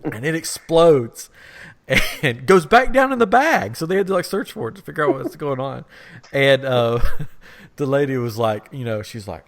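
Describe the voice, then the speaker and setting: A man's voice: medium pitch, animated, normal speed. A man hosting a podcast, telling a rambling funny story in a casual chat and laughing as he goes. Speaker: podcast host.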